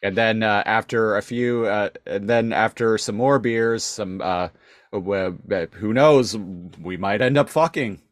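A man's voice: fairly low pitch, unhurried, dry recording, clean studio sound. A young man co-hosting a casual chat, who rambles with lots of filler words and swears. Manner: rambling, filler-heavy, profane.

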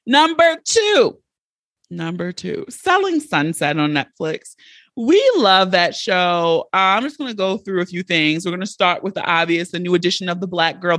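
A woman hosting her own podcast, talking alone in a blunt, animated way, recorded on a close mic. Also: fairly low pitch, moderate pace, dry recording. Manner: blunt, animated, heavy swearing. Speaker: podcast host. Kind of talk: solo podcast monologue.

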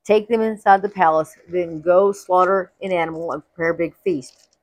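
A woman voicing a composed, powerful male ruler who gives orders quietly, as she reads a Bible story aloud. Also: lowish voice, fairly even intonation, normal speed, no room sound, lightly acted. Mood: commanding.

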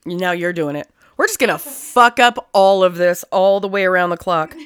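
A woman's voice: lowish voice, normal speed, fairly bright tone, clean tone. A woman co-hosting a podcast in casual, rambling, profane chat full of jokes. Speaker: podcast co-host.

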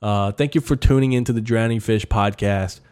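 A man's voice: fairly low pitch, moderate pace, darkish tone, clear, resonant tone. Profane ranting man hosting a podcast. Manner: profane, ranting, rambling with frequent fillers. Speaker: podcast host. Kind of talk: solo comedic monologue.

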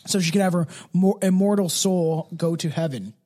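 A man's voice: sits high, moderate pace, mellow. A man co-hosting a casual chat show, reading folklore aloud, laid-back and swearing freely. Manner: laid-back, swears often, laughs a lot. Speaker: podcast co-host reading folklore.

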